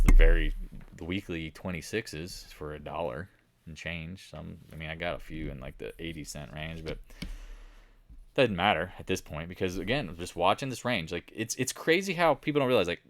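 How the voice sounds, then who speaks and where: Deep-voiced rambling trading host. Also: male voice, a bit bright, no echo. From Southern United States. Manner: rambling, repetitive, casual. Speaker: stock trading video host. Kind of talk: market recap commentary.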